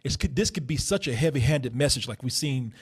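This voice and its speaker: A man co-hosting a film review show, talking in emphatic, profane, animated banter. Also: medium pitch, brisk, husky. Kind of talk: casual movie review banter.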